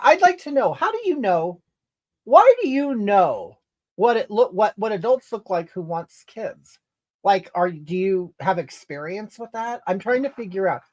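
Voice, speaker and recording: A crude, entitled woman rants and snipes indignantly at her viewers, as a performer plays her for a comedy livestream. Her mid-range voice swings widely up and down with each outraged jab. She rambles and scolds without pause. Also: mid-range voice. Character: crude, entitled, brash middle-aged woman. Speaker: comedy livestreamer reading comments in character. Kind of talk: improvised character comedy.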